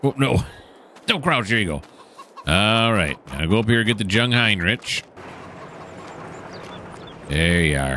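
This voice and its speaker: A man's voice: on the low side, very animated, takes it slowly, long pauses, pushed and bright, slight background noise. A middle-aged man, commenting casually on a farming game and talking to the animals as he plays. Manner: rambling self-talk, chatting to the game animals. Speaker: gaming channel host.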